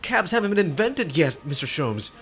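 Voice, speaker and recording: A man's voice: fairly high pitch, big pitch swings, moderate pace, fairly bright tone, soft background music, voice pushed up. A man voicing a polite young male lawyer, earnest and mild, during a game playthrough.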